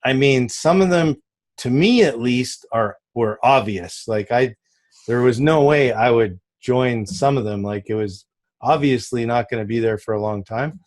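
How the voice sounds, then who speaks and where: A man hosts a casual group call, his voice mid-pitched and ordinary. He rambles along in an upbeat, friendly way and laughs easily. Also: a little slow, a little mellow. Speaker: call host.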